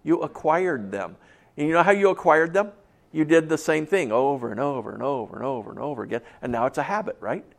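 A man's voice: a little high, expressive, fast talker, gravelly. A man preaching a sermon as pastor, conversational, asking the congregation questions, repeating key phrases and acting out little stories with voices. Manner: acts out stories with voices, drops to soft tones for effect.

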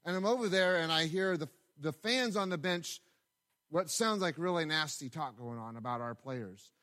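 A man's voice: fairly high pitch, lively intonation, moderate pace, bright, forceful tone. Conversational man preaching a sermon. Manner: conversational, storytelling with asides and repetitions. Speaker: pastor.

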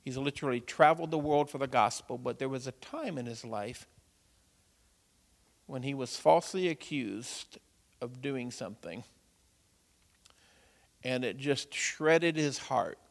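A male pastor preaching a sermon, moving from quiet storytelling to loud, urgent exhortation. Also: medium pitch, unhurried, vocal fry, pauses often. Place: church sanctuary. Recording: long hall reverb.

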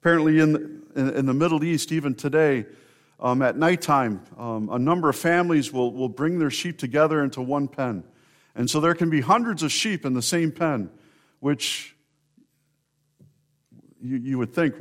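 A man's voice: a little high, normal speed. A man preaching a sermon, telling stories in a conversational way and speaking directly to members of the congregation. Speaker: pastor.

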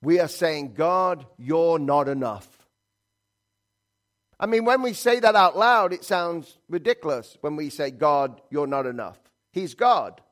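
A man preaching a sermon in an earnest, halting way, reading scripture and hymn lines aloud. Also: a little high, big pitch swings, a bit bright. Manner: earnest, halting, with restarts and quoted prayers.

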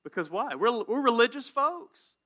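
A man preaching a sermon as pastor, animated and conversational, often asking "right?". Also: extremely high pitch, normal speed. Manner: animated, call-and-response, says "right?" often.

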